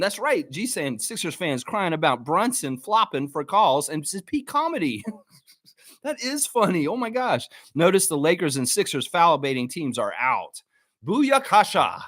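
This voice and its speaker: Loud trash-talking sports stream guy, drawl, bouncy up-and-down voice. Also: on the high side, no echo, clean studio sound. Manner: brash, trash-talking, reads chat aloud. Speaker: live stream host. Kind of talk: live sports chat stream.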